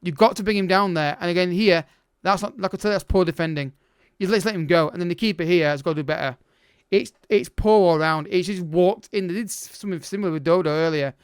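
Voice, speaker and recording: A man's voice: high-pitched, fast, clean tone, no echo, studio quality. A man commentating his own game as a let's play host, exasperated and urgent, calling out to the players.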